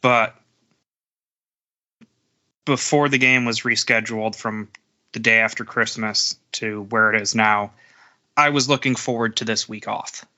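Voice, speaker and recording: A man co-hosting a sports podcast, recounting games in casual animated chat. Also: on the low side, measured pace, long pauses, lo-fi sound. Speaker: podcast co-host.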